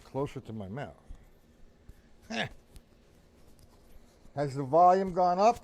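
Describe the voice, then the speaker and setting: A man's voice: on the high side, lively intonation, slow pace, pauses often, a little mellow. A man teaching a casual drum lesson on a live stream, talking bluntly and calling viewers by name.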